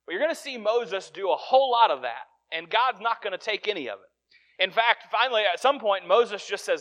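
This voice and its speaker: A man's voice: high voice, lively intonation, brisk, fairly bright tone, muffled recording. A man preaching a sermon in an earnest, conversational way, often restarting his sentences.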